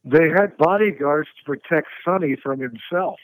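A man who is a stunt performer, telling lively, laughing anecdotes and slipping into impressions during a radio interview. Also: a little high, normal speed, no room sound, poor audio. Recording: dry radio studio.

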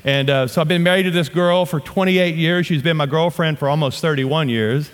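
A man's voice: on the high side, a little fast, big-room sound. A man in his fifties with a Southern US accent, from North Louisiana, preaching a sermon with impassioned emphasis and humorous asides. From North Louisiana, USA. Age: 50s. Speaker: pastor.

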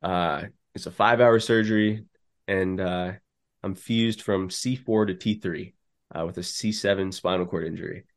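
A young man guest on a podcast, telling a personal story in a relaxed way with many fillers. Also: low-pitched, normal speed. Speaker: podcast guest, business co-founder. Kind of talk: casual storytelling interview.

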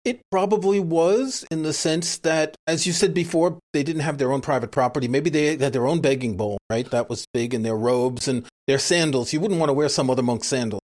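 A man's voice: a little high, fairly quick, few pauses, darkish tone. A man from New City, co-hosting a casual podcast and joking wryly. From New York City. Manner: wry, joking. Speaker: podcast co-host.

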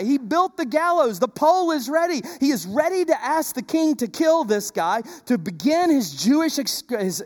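A pastor delivering a sermon, retelling a story with rhetorical questions. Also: mid-range voice.

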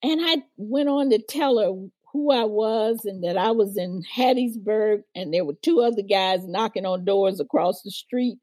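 A woman's voice: medium pitch, normal speed, few pauses, mellow, dry recording. An older woman, a guest on an interview, vividly recounting her past and acting out the people she quotes. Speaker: guest, former civil rights organizer. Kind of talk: storytelling interview.

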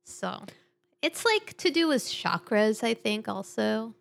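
Slow, giggly woman hosting a chat. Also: on the high side, very animated, gravelly. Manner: giggly, easygoing, laughs often. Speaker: podcast host. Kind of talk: casual chat about crossword puzzles.

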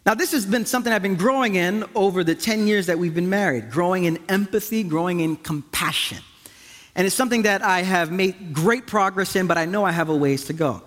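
A man's voice: high voice, a little fast, fairly bright tone. A man preaching a sermon as pastor, telling stories and repeating phrases for emphasis. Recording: long hall reverb.

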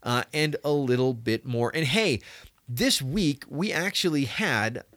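A man's voice: mid-range voice, animated, unhurried, a bit bright, no room sound. A man hosting a casual podcast from a small office, laughing easily and poking fun at his own flubbed reads. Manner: laughing, self-deprecating, stumbles over reads. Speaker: podcast host.

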